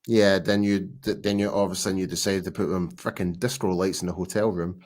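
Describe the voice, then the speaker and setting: A very tired man co-hosting a casual fan podcast, teasing his friends in animated banter. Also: sits low, brisk. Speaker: podcast co-host.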